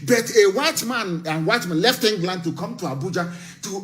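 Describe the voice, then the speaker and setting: A man delivers a fiery live broadcast speech in a high, forceful voice. He hammers his points home with rhetorical questions and breaks into shouting. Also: moderate pace. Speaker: political broadcaster.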